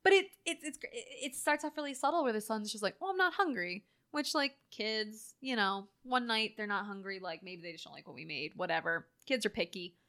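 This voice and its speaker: A woman co-hosting a casual chat, animated and full of filler words, acting out quoted lines as she talks. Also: medium pitch, brisk, few pauses. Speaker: podcast co-host. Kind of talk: casual chat reviewing a horror film.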